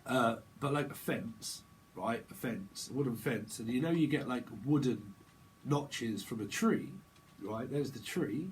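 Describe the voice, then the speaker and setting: A man's voice: medium pitch, animated, a little slow, a little hiss or hum, poor audio. A man giving a casual, rambling tarot reading, joking and laughing often. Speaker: tarot reader.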